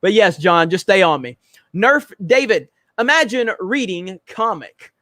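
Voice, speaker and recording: Blunt, high-voiced man reading chat. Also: animated, unhurried, sharp tone, dry recording. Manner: blunt, profane, joking. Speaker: livestream host.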